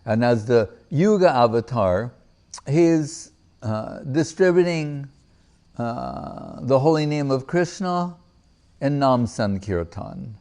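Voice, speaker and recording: Slow, deliberate male spiritual teacher. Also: mid-range voice, expressive, a little mellow. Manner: asks rhetorical questions and answers them; recites verses in Sanskrit and Bengali and explains them. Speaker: spiritual teacher giving a discourse. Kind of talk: devotional lecture to a live audience.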